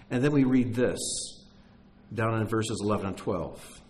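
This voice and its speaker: A man preaching a sermon, telling stories with energy and dropping to a hush for emphasis. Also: on the low side, measured pace, low-quality recording. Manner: animated storyteller, drops to a hush for emphasis.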